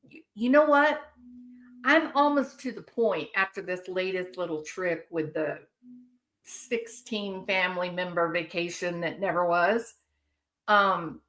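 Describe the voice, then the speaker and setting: A woman's voice: medium pitch, fairly bright tone. A woman hosting a commentary channel, talking in an emphatic, indignant way, with rhetorical asides to her viewers. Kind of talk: opinionated commentary.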